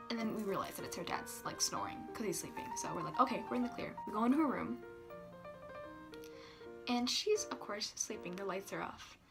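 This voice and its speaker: A young woman telling a storytime tale casually. She swears a lot, fills her talk with "like", giggles and sometimes drops to a hush. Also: mid-range voice. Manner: giggly, profane, filler-heavy, hushed at times. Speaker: vlogger.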